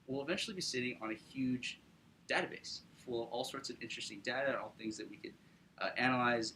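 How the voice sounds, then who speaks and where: A young man casually pitching his startup to an audience, upbeat, with lots of fillers and tag questions. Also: bright, forceful tone, a little hiss or hum, poor audio. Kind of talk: business pitch presentation.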